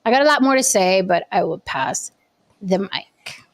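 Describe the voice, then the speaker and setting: A woman giving expressive, mocking commentary as a panelist in a casual chat. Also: medium pitch, moderate pace.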